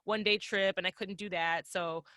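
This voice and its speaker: A woman's voice: medium pitch, moderate pace, dry recording. A young adult woman, a podcast guest, telling travel stories in casual, profane chat and acting out the voices she quotes. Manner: profane, animated storyteller who acts out quoted voices.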